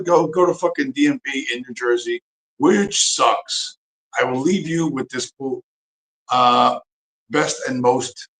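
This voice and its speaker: A man's voice: medium pitch, a bit bright, echoey room, rough recording. Profane, heated man ranting on a livestream. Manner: profane, heated, repeats phrases for emphasis. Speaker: livestream host. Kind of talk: angry profane rant on a livestream.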